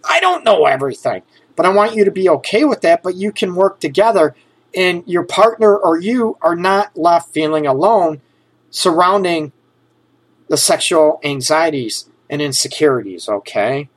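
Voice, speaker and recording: With a fairly high, expressive voice, a moderate pace and a breathy edge, this man gives relationship advice in a frank, casual way. Jokes pop up at times, and he regularly checks in with listeners using "okay?" and "you know."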